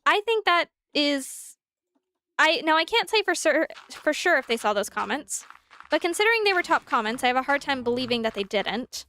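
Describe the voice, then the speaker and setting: A woman's voice: high voice, moderate pace, a little hiss or hum. A young adult woman streamer chatting casually and animatedly, answering her chat while she plays. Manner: animated, talks through examples, answers chat.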